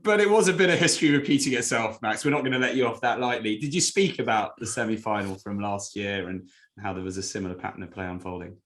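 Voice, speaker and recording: A man's voice: on the low side, fast talker, fairly bright tone. A man hosting a podcast, steering the chat and dryly teasing his co-hosts. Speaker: podcast host. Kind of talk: casual chat, steering topics.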